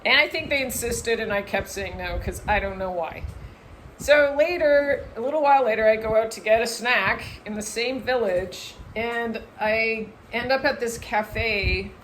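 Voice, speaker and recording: A woman vlogger telling a personal story to camera in a casual, animated way, full of "like" and acted-out voices. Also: fairly high pitch, unhurried, slight background noise, low-quality recording. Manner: animated, lots of "like", acts out voices in her story.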